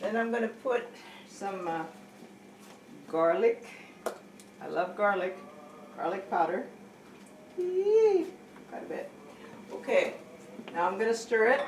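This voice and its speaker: A woman's voice: mid-range voice, a little slow, pauses often. Chatty middle-aged woman in an echoey kitchen. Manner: chatty, keeps saying okay, corrects herself mid-sentence. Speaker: home cook teaching a family recipe. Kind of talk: casual cooking demonstration. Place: home kitchen. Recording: echoey room, distant mic, faint hiss.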